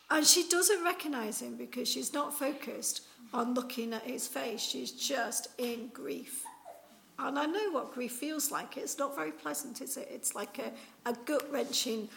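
Gravelly chatty woman preacher. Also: high voice, a little slow, a bit bright, a little hiss or hum. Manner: chatty storytelling with many fillers. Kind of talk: informal Easter sermon.

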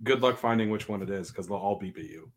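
A man co-hosting a casual podcast, ranting in a profane, animated way while telling stories about his work. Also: fairly low pitch, quick pace. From Georgia, US. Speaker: podcast co-host. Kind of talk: casual chat.

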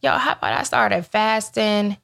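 A woman talking to her viewers about faith in a loose, chatty way. She tells her stories with lots of animation, acting out both sides of each exchange. Her voice sits at an ordinary middle pitch. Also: unhurried, creaky. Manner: animated storytelling that acts out her own and God's replies; chatty, with playful asides to viewers. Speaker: faith vlogger. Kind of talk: casual faith talk to viewers.

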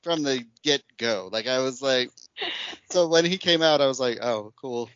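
A man's voice: mid-range voice, moderate pace, fairly bright tone, clean tone, no echo. A man hosting a quiz game on a casual podcast, chatty and sassy, laughing often. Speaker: quiz host. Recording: dull lo-fi audio.

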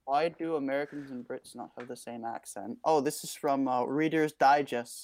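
A young woman chatting casually as co-host, quick with asides and laughing often. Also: extremely low pitch, a little mellow. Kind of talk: casual chat.

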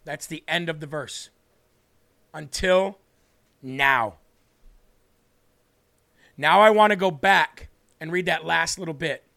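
A man hosting a livestream Bible teaching, reading scripture slowly and speaking earnestly with emphasis. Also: on the high side, gravelly, pushed and bright. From northern United States. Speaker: host and preacher.

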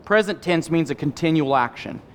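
A middle-aged male pastor giving an animated sermon, acting out voices and making candid personal asides. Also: on the high side, moderate pace, slight background noise. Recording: hall reverb.

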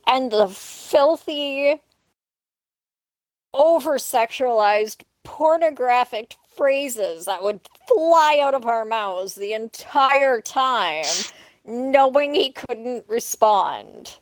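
A woman's voice: on the high side, animated, drawn-out words, no room sound, rough recording. A woman co-hosting a casual podcast over an online voice call, joking crudely and laughing often. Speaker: podcast co-host. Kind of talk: casual chat.

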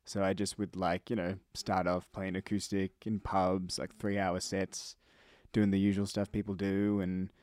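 A man's voice: sits low, moderate pace. A young Australian man, a musician guest in a studio, chatting casually with plenty of "like" and "you know". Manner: relaxed, many fillers like "like" and "you know". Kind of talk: casual interview chat. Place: recording studio.

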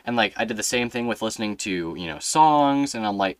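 A young man hosting a casual podcast chat, telling stories in a rambling, animated way with plenty of fillers. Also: fairly low pitch, a little fast, smooth, no room sound. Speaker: podcast host.

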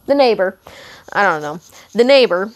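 A young woman hosting a podcast, telling a casual story in a rambling way, correcting herself often and filling pauses with um and you know. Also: medium pitch, lively intonation. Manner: rambling, self-correcting, lots of fillers and asides. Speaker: podcast host.

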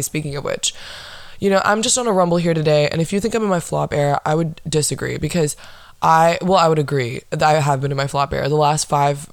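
A woman's voice: low voice, dry recording. A young woman hosting her own podcast, rambling in a dry, sarcastic, profane way. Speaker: podcast host. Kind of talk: casual solo podcast chat.

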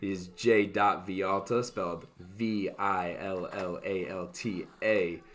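A man's voice: deep voice, slow pace. A young man hosting a casual late-night podcast, talking loosely with lots of fillers. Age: young adult. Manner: relaxed, rambling with many fillers. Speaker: podcast host. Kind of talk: casual chat.

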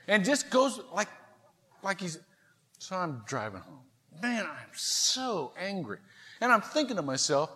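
A middle-aged pastor whose voice swoops high and low as he tells a self-deprecating story from the pulpit. His tone is bright and sharp, and a long reverb hangs in the big sanctuary. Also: a little slow. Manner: animated, self-mocking storytelling. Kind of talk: sermon. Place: large church sanctuary.

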